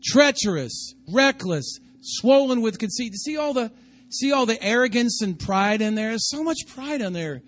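High-voiced man preaching a lively sermon. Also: normal speed. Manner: conversational preaching, rising to shouts; asks the congregation for responses. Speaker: pastor.

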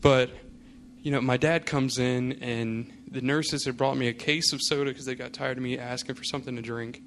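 A man's voice: medium pitch, fairly even intonation, moderate pace, a little hiss or hum. Casual, storytelling male pastor. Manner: casual storytelling, many fillers. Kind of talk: sermon with personal anecdote.

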